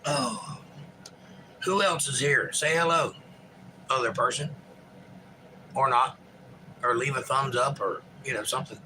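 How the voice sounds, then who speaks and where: A man's voice: medium pitch, unhurried, pauses often, bright, forceful tone, slight background noise, poor audio. A man hosting a livestream, reading viewer chat aloud and chatting in a rambling, folksy, joking way.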